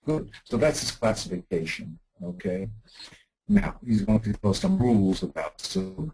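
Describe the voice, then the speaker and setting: Gravelly deep-voiced man teaching a text. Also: sing-song, dark tone, a little hiss or hum, low-quality recording. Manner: halting, many restarts and fillers while explaining a text. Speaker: Talmud teacher. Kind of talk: classroom text lesson.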